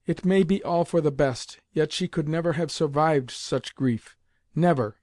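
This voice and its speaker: A man's voice: mid-range voice, moderate pace, darkish tone, no room sound, studio quality, close to an everyday voice. A man reading the part of a stern, reproachful old aristocratic grandmother, with raised, emphatic scolding delivery. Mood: grieving.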